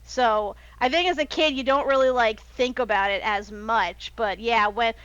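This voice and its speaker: A woman's voice: a little high, normal speed, a bit bright, clear, resonant tone, no echo. Woman co-host on a dull, dry line. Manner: chatty, many fillers. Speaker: podcast co-host. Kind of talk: casual chat.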